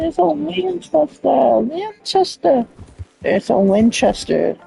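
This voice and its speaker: A woman's voice: high voice, big pitch swings, slow pace, gravelly, mellow, rough recording. A woman giving silly, sing-song commentary while playing a video game, repeating phrases playfully. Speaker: gameplay streamer.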